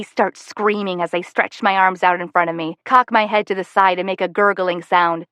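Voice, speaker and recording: A woman's voice: mid-range voice, steady tone, moderate pace, few pauses, sharp tone, smooth, no echo. Casting: female audiobook narrator, first-person novel, wry and conversational, dry close sound. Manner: wry, self-aware, conversational.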